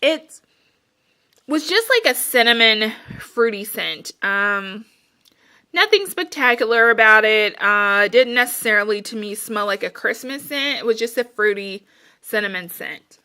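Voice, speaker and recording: A woman's voice: on the high side, expressive, unhurried, pushed and bright, clear, resonant tone. A woman casually chatting through her candle reviews, rambling with plenty of fillers and sounding a little out of breath. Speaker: candle and wax melt reviewer. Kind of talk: casual chat.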